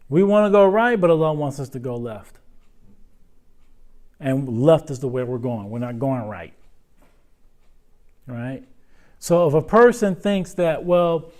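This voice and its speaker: A man's voice: a little high, a little mellow. A man teaching an Islamic morals lesson to a class, conversational, asking questions and tagging his points with "right?". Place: lecture room.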